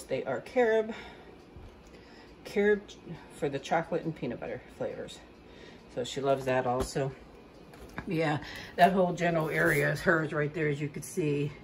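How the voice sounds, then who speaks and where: A woman's voice: low voice, a little hiss or hum. A woman filming a casual home vlog, talking to her dog in a sing-song baby voice and chatting about her dog's routine on a handheld phone. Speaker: vlogger and pet owner. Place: home and yard, indoors and outdoors.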